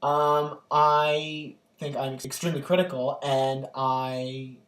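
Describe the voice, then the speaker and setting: A man's voice: medium pitch, slow. Young man gushing in an echoey room. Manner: gushing, animated storytelling with many fillers. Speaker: vlogger. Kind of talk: casual storytelling vlog. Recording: echoey room, distant from the mic.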